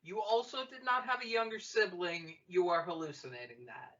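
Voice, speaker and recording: A man's voice: sits high, moderate pace, pushed and bright. A man on a podcast cracking jokes and chiming in during a casual chat. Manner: wisecracking, interjecting. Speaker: podcast co-host. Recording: distant, dull lo-fi mic.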